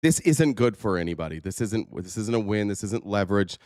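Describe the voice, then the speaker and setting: A man hosts a profane political rant with a lively, swooping pitch. He is sarcastic and mocking, and the sound is dry and close with no room echo. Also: a little fast. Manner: mocking, sarcastic, swings into squeaky impressions. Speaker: political commentary host.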